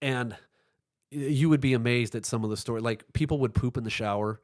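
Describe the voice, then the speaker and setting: A man as a podcast guest, telling an animated, profane story in casual chat and acting out the dialogue. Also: medium pitch, a little fast.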